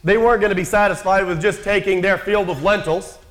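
A man's voice: high-pitched, steady tone, fairly quick, fairly bright tone. A man preaching a sermon in a conversational, storytelling way, acting out quotes from the characters he describes.

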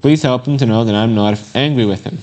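A man reading aloud as a patient young mother, keeping her lines gentle and coaxing, in a middle-pitched voice. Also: fairly quick, close to an everyday voice. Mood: earnest.

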